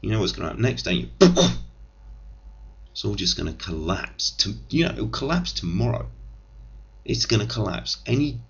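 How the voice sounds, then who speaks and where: Low gravelly Englishman, pompous rant. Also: sing-song, normal speed, pauses often, fairly bright tone, dull audio. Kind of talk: comic monologue.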